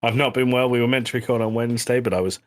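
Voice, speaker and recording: A man's voice: medium pitch, steady tone, racing. A British man co-hosting a comedy podcast, chatting casually and rambling through jokes. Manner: joking, rambling. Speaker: podcast co-host.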